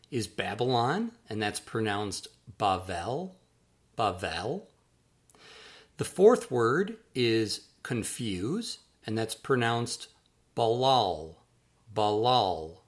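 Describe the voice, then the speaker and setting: A man with a mid-range voice works through a word list at an unhurried pace. He says each term deliberately and repeats it so the listener can follow along. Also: medium pitch. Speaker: author teaching word pronunciation. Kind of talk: slow, careful pronunciation lesson.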